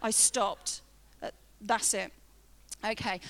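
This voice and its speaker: A woman's voice: mid-range voice, steady tone, slow pace, a bit bright. A woman in her thirties preaching a sermon, telling a personal story in a chatty, humorous way with emphatic build-ups.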